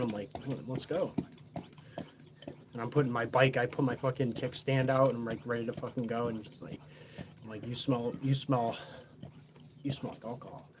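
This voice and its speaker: A man's voice: medium pitch, level tone, fast, noisy background. A man telling a story in a casual, boastful, heavily profane, rambling way.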